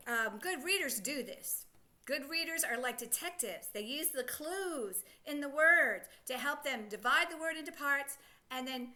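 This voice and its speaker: A woman teaching phonics to children, speaking slowly with encouraging, sing-song questions and praise. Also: high-pitched, sharp tone. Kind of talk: slow, patient teaching to children.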